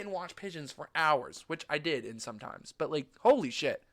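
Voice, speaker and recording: A young American man recapping a trip in casual chat, animated and gushing, swearing freely. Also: a little high, normal speed, hardly any pauses. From United States. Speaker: vlogger.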